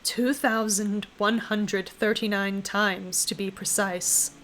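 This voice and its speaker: A woman voicing a shadowy, immortal, time-bending being in a visual novel, speaking in a low, hushed, solemn way. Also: fairly even intonation, takes it slowly, slight background noise, poor audio. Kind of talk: visual novel line reading.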